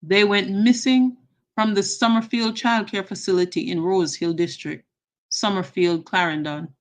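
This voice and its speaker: Jamaican lady hosting her live stream, middle-pitched voice, chatty, calls everybody darling, mixes in patois. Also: steady tone, normal speed. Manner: chatty, greets viewers by name with endearments; slips into patois phrases. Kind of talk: casual live-stream chat.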